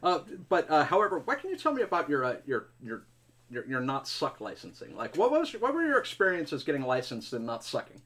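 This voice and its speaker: A man hosting a board game stream, playfully interviewing players in a mock-formal way and repeating words in quick bursts. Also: on the high side, wildly swooping pitch, a bit bright.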